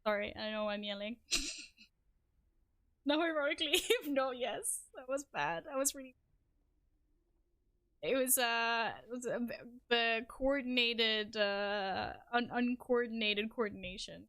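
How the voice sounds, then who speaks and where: A young adult woman streaming a game live, reacting excitably, swearing and making fun of herself. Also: on the high side, slow pace, long pauses, dry recording, clean studio sound. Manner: excitable, swears, self-deprecating outbursts. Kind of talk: live gameplay commentary.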